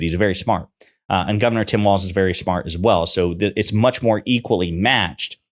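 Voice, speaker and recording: A man, a political commentator, talking through his opinions in a conversational way with fillers and restarts. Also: low-pitched.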